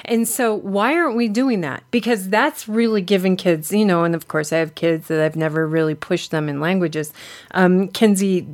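A woman's voice: fairly low pitch, normal speed. A woman co-hosting a podcast, telling stories in a rambling, chatty way during casual conversation. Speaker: podcast co-host. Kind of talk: casual chat.

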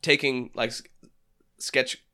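A man's voice: mid-range voice, steady tone, slow, bright, forceful tone. A man hosting a casual movie-review podcast over a call, joking and laughing often. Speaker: podcast host.

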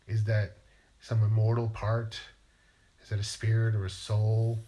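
A man's voice: lowish voice, monotone, unhurried, mellow. A man, a writer, musing playfully in a rambling monologue and asking himself questions aloud.

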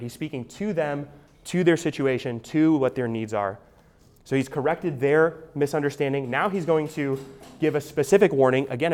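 A man's voice: medium pitch, darkish tone. A man preaching an expository sermon as a pastor, explaining in a conversational teaching manner with frequent restarts and an asked "right?".

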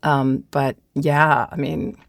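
A female voice actor co-hosting a casual podcast, talking in an animated, playful way. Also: low-pitched, creaky, no room sound, studio quality. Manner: animated, playful, quick to laugh.

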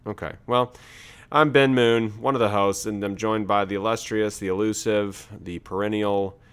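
A man's voice: lowish voice, fairly even intonation, moderate pace, a bit bright, smooth. A man hosting a podcast, chatting casually in a jokey, rambling way. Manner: jokey, rambling, breaks into laughter. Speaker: podcast host. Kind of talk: casual chat.

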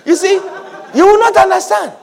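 A very high-pitched man delivers a sermon. His voice is gravelly, and he preaches in an animated way, shouting and dramatizing the characters of the story he tells. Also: normal speed, some chatter behind. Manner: animated, acts out scripture characters with shouts and laughter.

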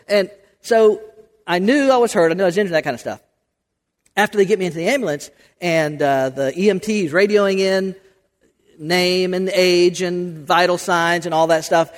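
A male pastor preaches in a loose, conversational way, circling back on his words and tossing questions to his listeners. His voice sits high. A long reverb trails each phrase in the church. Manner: conversational, many restarts and rhetorical questions. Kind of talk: sermon.

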